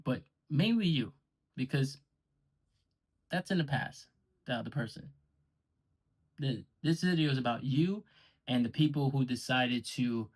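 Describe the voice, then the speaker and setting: A man delivering a confrontational, sarcastic and profane callout rant to the camera about a league he runs. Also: medium pitch. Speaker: online league owner.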